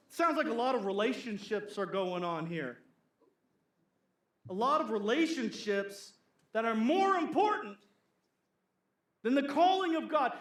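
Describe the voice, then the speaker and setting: A pastor preaching in an echoey church sanctuary, his voice sitting high for a man. He is animated and playful, slipping into comic voices to act out gossiping church folk. The room rings around him. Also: measured pace, long pauses. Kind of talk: sermon.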